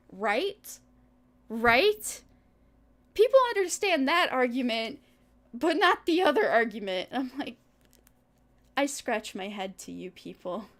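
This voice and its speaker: A woman's voice: mid-range voice, vocal fry. A young woman streaming as a VTuber, rambling in casual chat to her viewers with exasperated asides and frequent laughs.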